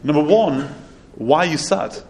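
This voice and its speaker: A man's voice: a little high, a little slow, darkish tone. A man voicing a skeptical Greek philosopher. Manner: skeptical, probing questions. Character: proud rational male Greek philosopher questioning a prophet. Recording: roomy echo, faint ambience.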